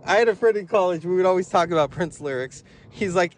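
A man hosting a podcast, telling rambling stories in an animated way with frequent laughs. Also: sits high, fast, hardly any pauses, a little hiss or hum. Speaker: podcast host. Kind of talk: casual rambling monologue.

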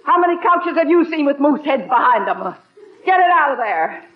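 A brassy, bossy old aunt. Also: female voice, sits high, expressive, normal speed, a little hiss or hum. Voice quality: brassy, blunt and sharp-tongued. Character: brash, bossy elderly aunt, heavyset and blunt. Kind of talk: 1950s radio sitcom acting. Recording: dull, roomy 1950s radio broadcast.

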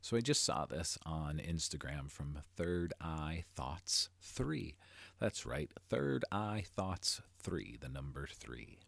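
A man hosting a motivational podcast as a life coach, talking earnestly and building to emphatic, animated delivery. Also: extremely low pitch, slow, vocal fry, dry recording.

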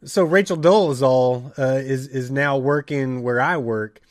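A man's voice: mid-range voice, measured pace, no room sound. A man hosting a podcast, telling a rambling story in casual chat with plenty of restarts. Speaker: podcast host.

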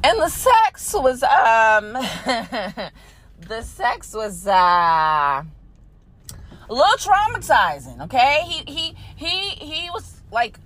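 Animated, profane woman telling a story. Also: a little high, drawn-out words. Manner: blunt, profane, animated, with frequent laughs; addresses listeners directly as "y'all". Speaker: podcast host. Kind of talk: casual storytelling monologue.

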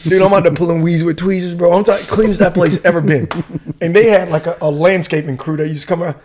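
Fast-talking profane storyteller man. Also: fairly high pitch, steady tone, darkish tone, slight background noise. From United States. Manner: profane, laughing, slangy with dude and bro. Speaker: guest, retired Army warrant officer. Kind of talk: casual storytelling.

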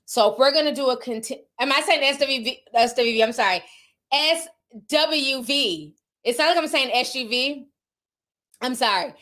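A woman with a Southern US accent talks casually to her livestream audience. Her voice sits a little high, and she speaks in a frank, chatty way while reacting to chat comments. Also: lively intonation, moderate pace, a bit bright. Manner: chatty, candid, laughs often, reacts to viewer comments. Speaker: livestream host reading chat. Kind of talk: casual celebrity gossip chat.

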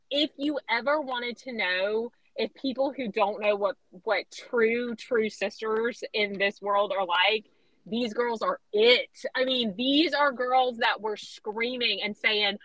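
Woman, animated storyteller, bright tone, dry close recording. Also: a little high, dry recording, rough recording. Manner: animated storyteller, acts out quoted voices. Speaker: interview guest, pageant titleholder. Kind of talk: storytelling in a podcast interview.

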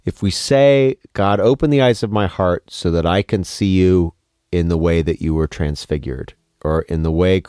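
A man's voice: low-pitched, warm tone, dry recording, studio quality. A man co-hosting a podcast, probing the meaning of a worship song with questions and thinking aloud. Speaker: podcast co-host. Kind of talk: conversational theological discussion.

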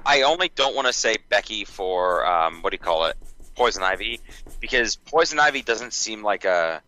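A man co-hosting a podcast, talking in quick, profane, animated banter. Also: fairly low pitch, low-quality recording. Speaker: podcast co-host. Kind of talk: casual chat.

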